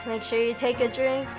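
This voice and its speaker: A woman streaming a game playthrough, chatting casually, often breaking into giggles and teasing the game's lines. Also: mid-range voice. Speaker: VTuber streamer. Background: game music.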